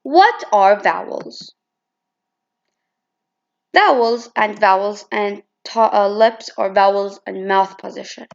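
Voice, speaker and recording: A woman's voice: mid-range voice, slow, vocal fry, pauses often, lo-fi sound. A woman reading a presentation on vowel pronunciation from her slides, with hesitant restarts and fillers. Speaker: student presenter.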